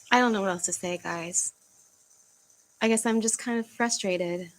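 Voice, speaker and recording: Young woman, casual home livestream host, halting delivery with fillers and sighs. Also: mid-range voice, rough recording. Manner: halting, searching for words, frequent fillers and sighs. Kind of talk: casual livestream chat reading comments.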